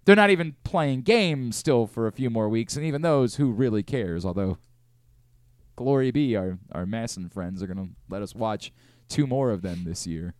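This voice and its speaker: A man hosting a sports talk radio show, ranting in an animated, exasperated way from a studio. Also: on the low side, moderate pace, no echo.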